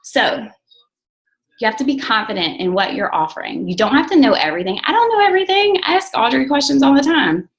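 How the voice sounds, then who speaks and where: Young woman team coach, casual and blunt, excitable, swears freely. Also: on the high side, fairly quick, rough recording. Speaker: team coach leading a call. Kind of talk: casual motivational team call.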